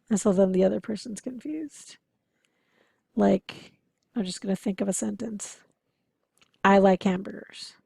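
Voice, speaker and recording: A woman's voice: medium pitch, vocal fry, dark tone, no echo. A woman lecturing interpreting students over slides, explaining in an encouraging, practical way. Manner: explanatory, encouraging, occasionally laughing. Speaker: interpreting instructor.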